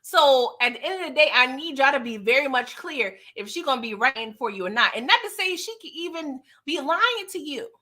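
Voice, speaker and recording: Woman, 30s, from New York; chatty, sassy recap vlogger, bright higher voice. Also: fairly quick, hardly any pauses. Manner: chatty, sassy, animated asides with frequent "okay?". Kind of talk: casual episode recap.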